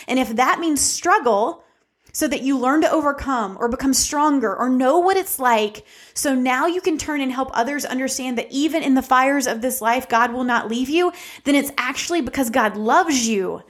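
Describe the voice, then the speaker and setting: A woman with a fairly high voice delivers a sermon. She talks earnestly and conversationally, turning to her listeners as friends and reading Scripture aloud along the way. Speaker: speaker of a devotional talk.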